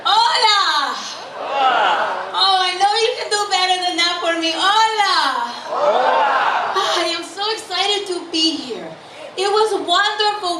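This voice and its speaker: A woman from Florida performing live stand-up comedy. She is bubbly and teases the crowd with questions. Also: extremely high pitch. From Florida, USA. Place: live stage venue with audience. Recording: echoey live room from far off. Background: audience laughter and room noise.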